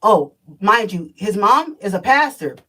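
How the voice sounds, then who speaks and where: A woman's voice: medium pitch, big pitch swings, unhurried, a bit bright, breathy edge, far from the mic, low-quality recording. A woman, telling her life story in a blunt, profane, emphatic vlog as a spiritual energy reader.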